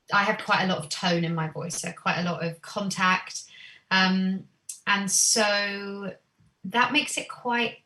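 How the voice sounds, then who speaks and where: A woman's voice: mid-range voice, recorded from a distance. Woman, singer and voice teacher, earnest, reflective, podcast guest, echoey room. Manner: earnest, thoughtful, animated when quoting herself. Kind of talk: reflective interview chat.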